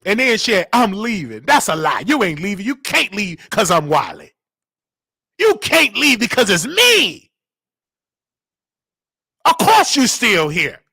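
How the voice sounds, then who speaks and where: Man, very high pitch, wildly swooping, shouting and preachy, dry close sound. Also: a little slow, gravelly, pauses often, husky, no echo. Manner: shouting, preachy, animated, scolding listeners. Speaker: show host. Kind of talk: loud live-stream commentary.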